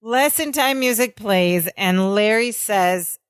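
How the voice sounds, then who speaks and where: A woman's voice: mid-range voice, slow pace, smooth, dry recording. A woman co-hosting a podcast, casually retelling a sitcom episode scene by scene. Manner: storytelling, narrates scenes step by step. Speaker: podcast co-host.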